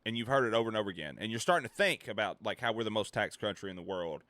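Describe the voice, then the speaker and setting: A man streamer ranting in casual chat, animated, swearing and laughing between points. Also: fairly low pitch, racing, dry recording. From United States.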